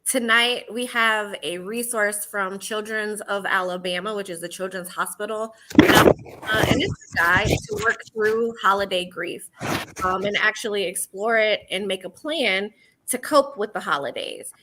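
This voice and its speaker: A woman hosting a talk show, guiding guests and viewers in a measured way with occasional fillers. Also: mid-range voice, noisy background. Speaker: host.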